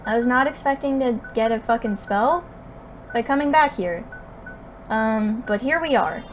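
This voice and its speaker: A young woman giving excitable, swearing commentary while playing a game. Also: fairly high pitch, normal speed, faint music behind. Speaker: gaming streamer. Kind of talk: casual gameplay commentary.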